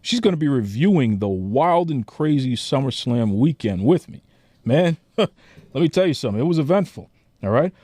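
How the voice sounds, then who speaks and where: A man's voice: medium pitch, big pitch swings, normal speed, mellow, husky, dry recording. A man hosting a podcast with a hyped, showman-like delivery. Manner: hype, showman-like. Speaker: podcast host.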